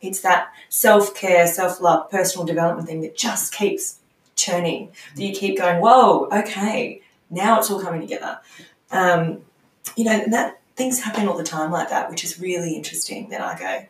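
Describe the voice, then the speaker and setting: Middle-aged woman, coaching client; candid, searching delivery, low register, distant roomy mic. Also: moderate pace. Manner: candid, searching, trailing restarts. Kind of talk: reflective podcast conversation.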